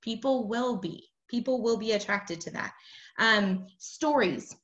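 A woman coaching her sales team in casual talk, chatty and upbeat, often asking "right?" and acting out quoted lines with bursts of excitement. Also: a little high, measured pace, reverberant, highs cut off. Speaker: team leader coaching sellers.

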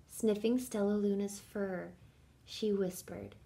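A woman's voice: mid-range voice, takes it slowly, gravelly, darkish tone. A woman reading teacher reading a picture book aloud and talking children through its words with cheerful questions.

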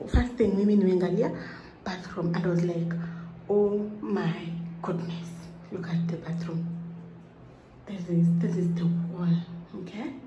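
A young woman with a Kenyan accent talks into her phone while showing off a rundown rental, griping in exaggerated disbelief. She speaks at a middle pitch. The small tiled room around her rings with heavy echo. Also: background noise. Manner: exasperated, dramatic complaining, mixing in Swahili. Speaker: vlogger. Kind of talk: casual vlog room tour.

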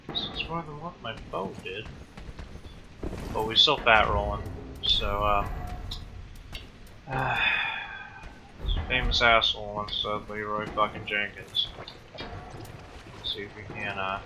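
Slow, profane let's-play gamer man. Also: lowish voice, noisy background. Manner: profane, exasperated, rambling. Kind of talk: gameplay commentary.

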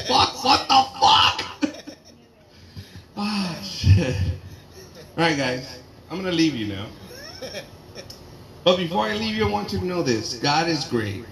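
Male stand-up comic, loud and animated, lively swooping voice, echoey room with crowd laughter. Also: fairly high pitch, unhurried, pauses often. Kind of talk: stand-up comedy set. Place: garage show with live audience. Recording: roomy garage with crowd laughter.

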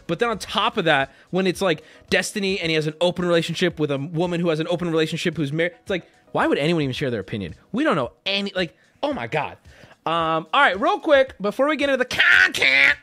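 A man's voice: sits high, fairly quick. A man chatting casually and rambling on a live stream, swearing often. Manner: rambling, profane, animated.

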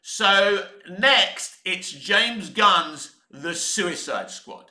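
Bright, high-voiced man reviewing films. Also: lively intonation, drawn-out words, reverberant. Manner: opinionated, enthusiastic, swears casually. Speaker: movie reviewer. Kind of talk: casual spoken film commentary.

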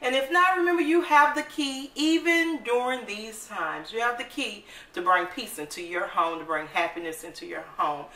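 A woman hosting a casual cooking vlog, upbeat and chatty, often calling her viewers "baby" and saying she is excited. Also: fairly high pitch. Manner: excited, admits talking fast. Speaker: cooking channel host. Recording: roomy echo, mic at a distance, faint noise.

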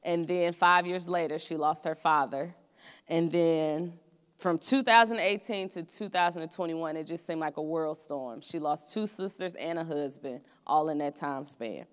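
A woman's voice: sits low, normal speed, long reverb tail. A young woman giving a student sermon in a college chapel, telling stories from her own life in an earnest, conversational way. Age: young adult. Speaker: student preacher.

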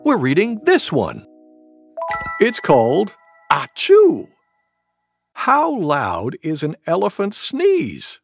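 A man reading a picture book aloud to preschoolers in an expressive, animated way. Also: sits high, slow, creaky, long pauses, faint music behind. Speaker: storybook reader for preschoolers. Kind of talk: children's read-aloud.

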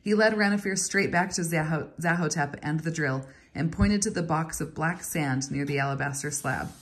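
Lady reading a novel aloud, low, a bit husky, steady pace. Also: normal speed. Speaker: reader.

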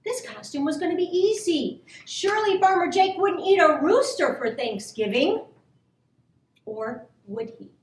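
Slow, lively woman reading to kids. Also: high-pitched. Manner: gentle, expressive, drawn-out. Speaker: children's story reader. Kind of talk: storybook read-aloud for children. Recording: roomy, from a distance.

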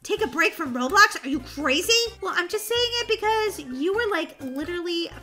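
Bubbly high-voiced woman gaming. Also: a little fast, faint music behind. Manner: excitable, bubbly and easily exasperated. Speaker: gaming channel host. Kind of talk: casual gameplay chat.

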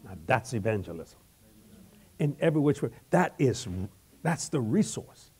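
An older man preaching an evangelism sermon, telling humorous stories in a folksy, animated way and often repeating words. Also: medium pitch, moderate pace, slightly rough.

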